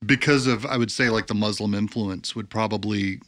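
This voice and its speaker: A man's voice: lowish voice, fairly quick, fairly bright tone. A man co-hosting a casual talk show, reading from notes and cracking loose jokes. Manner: loose, joking, reads notes aloud. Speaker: podcast co-host. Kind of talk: casual chat.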